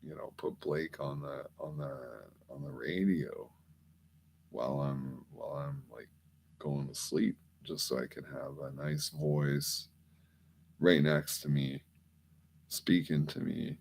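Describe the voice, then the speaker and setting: A man's voice: a bass voice, steady tone, slow, creaky, long pauses, darkish tone. A man hosting a rambling late-night monologue, meandering and swearing casually. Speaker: podcast host.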